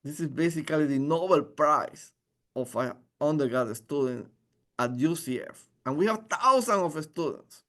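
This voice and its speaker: A man presenting his engineering department as a faculty member, earnest and halting with frequent restarts. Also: on the high side, lively intonation, sharp tone. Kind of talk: informational presentation.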